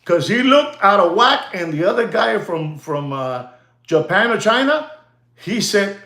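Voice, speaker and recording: A man's voice: high-pitched, big pitch swings, unhurried, bright, forceful tone, roomy sound. A man, rambling in casual livestream chat with viewers, repeating himself and laughing often. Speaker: watch dealer hosting a livestream.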